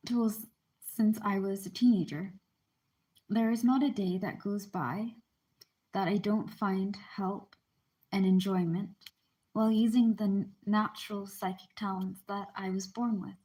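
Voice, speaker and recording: A woman's voice: mid-range voice, fairly even intonation, a little slow, mellow. A woman reading a book aloud in a casual, chatty way, stopping now and then to explain terms and apologize. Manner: informal, breaks off to explain and apologize.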